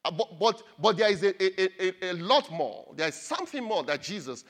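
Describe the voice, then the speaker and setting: A man with a high, bright-sounding voice preaches to his church. His pitch swings widely as he leans on key phrases and repeats them so the congregation can take them in. The delivery is an emphatic sermon from start to finish. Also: expressive, normal speed. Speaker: pastor.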